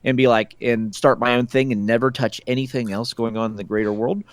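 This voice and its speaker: A man co-hosting a casual tabletop podcast, speaking loosely with frequent "like" fillers. His voice sits at a middle pitch. The sound is dry and close-miked. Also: steady tone, brisk, clean tone, no echo. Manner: loose, filler-heavy with lots of "like". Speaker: podcast co-host.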